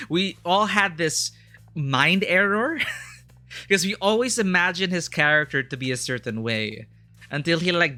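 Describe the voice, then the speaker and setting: Chatty man with a bright voice. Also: mid-range voice, dry recording. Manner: chatty, rambling, laughs often. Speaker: streamer playing a video game. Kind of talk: casual live gameplay commentary.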